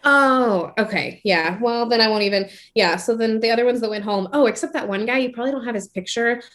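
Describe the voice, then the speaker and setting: A woman's voice: a little high, fairly quick, a bit bright. A woman co-hosting a podcast, chatting casually and gossiping with a friend, laughing often. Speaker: podcast co-host. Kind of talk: casual chat.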